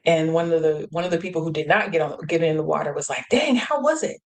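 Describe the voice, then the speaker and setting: A woman hosts a live show and tells a personal story in a relaxed, motivational way. She laughs often and jumps into the voices of the people in her story. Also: low-pitched, fast talker, rough recording. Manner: animated, laughs often, acts out quotes. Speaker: host.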